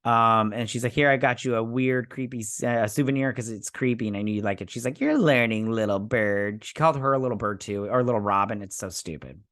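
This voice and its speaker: A man's voice: medium pitch, a little fast, hardly any pauses, fairly bright tone, no room sound, clean studio sound. A man hosting a show review, recapping an episode in a rambling, sarcastic way with many fillers and restarts.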